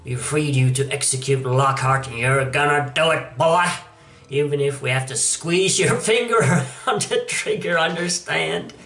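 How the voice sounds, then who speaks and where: A man's voice: on the high side, a little slow, sharp tone. A man voicing a raving, scarred male villain who stammers and rants in a goofy hillbilly drawl. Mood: menacing. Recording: echoey room, distant mic.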